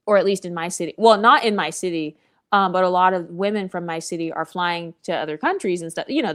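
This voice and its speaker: A woman's voice: fairly low pitch, clear, resonant tone. A woman vlogger giving blunt, opinionated commentary, sassy and profane, with mocking asides.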